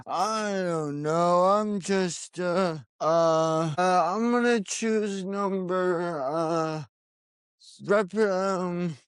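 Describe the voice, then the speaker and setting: A man co-hosting a casual podcast, talking haltingly with lots of pauses and restarts. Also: sits high, clean tone, dry recording, clean studio sound. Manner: hesitant, many fillers and restarts. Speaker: podcast co-host. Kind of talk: casual chat about wrestling predictions.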